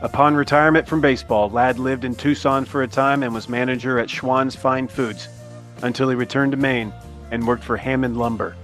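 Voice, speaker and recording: A man narrating a scripted tribute in a measured, respectful way. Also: mid-range voice, fairly even intonation, fairly bright tone, soft background music.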